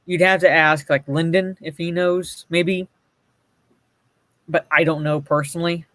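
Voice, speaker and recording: A sarcastic man chatting casually on a show, his voice sitting somewhat high for a man. The sound is dry and close, with almost no room echo. He reads lines aloud and mocks them as he goes. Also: fairly even intonation, a little slow, a bit bright. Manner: sarcastic, reads comic panels aloud, swears. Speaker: podcast co-host. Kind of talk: casual commentary chat.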